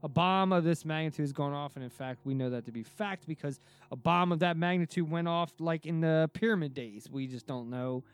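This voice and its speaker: Excitable man telling a wild story. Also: on the high side, a little fast, few pauses, clean tone. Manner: excitable, many restarts and fillers, swears freely. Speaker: podcast host. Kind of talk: casual storytelling chat.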